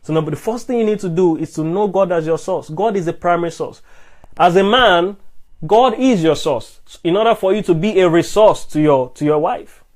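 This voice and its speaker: A high-voiced man with a darkish tone preaches on love and manhood at a moderate pace during a live-streamed sermon that responds to comments. Emphatic rhetorical questions fill his talk, and he frequently restarts and repeats his words.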